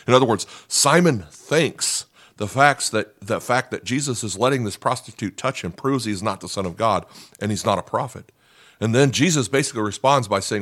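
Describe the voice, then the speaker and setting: A man's voice: medium pitch, lively intonation, fairly quick, a bit bright. A male pastor preaching a conversational sermon, asking rhetorical questions and voicing the people in the story.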